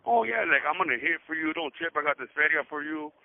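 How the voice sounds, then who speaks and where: A man rattles off a rambling prison story in crude street slang, his voice pitched a little high. He talks quickly and loops back over the same points. The sound is thin and tinny, like a prison phone line. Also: animated, vocal fry. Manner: profane street slang, fast and repetitive. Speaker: prison inmate on a phone call.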